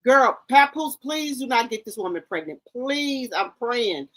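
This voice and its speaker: Woman commentary host, exasperated and scolding, highish and very animated delivery. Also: a little slow, rough recording. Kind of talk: reaction commentary.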